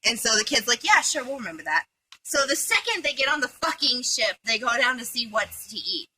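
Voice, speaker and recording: A woman's voice: a little high, a little fast, pushed and bright, husky, poor audio. A young woman retelling a film plot to her friends, rambling and irreverent, with swearing and lots of fillers. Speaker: storyteller among friends. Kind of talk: casual comedic plot retelling.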